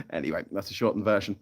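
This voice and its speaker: A man hosting a casual live stream from a tropical island, reading out chat comments and telling sweary jokes. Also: deep voice. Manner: chatty and sweary, telling jokes with lots of laughter. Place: off-grid tropical island, from a hammock.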